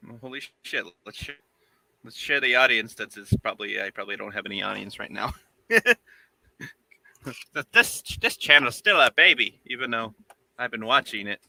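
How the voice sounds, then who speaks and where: A man from New England chats loosely on his livestream, joking and laughing as he goes. His voice sounds strikingly bright and sits at a middle pitch. The sound is dry and close. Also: animated, normal speed, vocal fry, no room sound, poor audio. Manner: joking, laughs easily, swears casually. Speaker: streamer making a puppet. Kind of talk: casual chat on a livestream.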